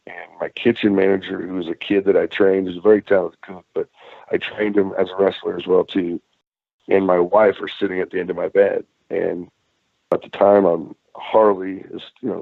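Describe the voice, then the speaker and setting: A man, a former wrestler, telling a personal story as a podcast guest, blunt and swearing freely with halting restarts, heard over a tinny phone line. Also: deep voice, creaky, no echo. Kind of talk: candid storytelling in a conversation.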